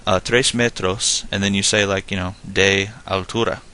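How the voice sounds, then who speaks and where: A man teaching a casual spoken lesson, explaining in a relaxed, rambling way full of "like" and "you know.". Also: sits low, normal speed, smooth. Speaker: Spanish tutor.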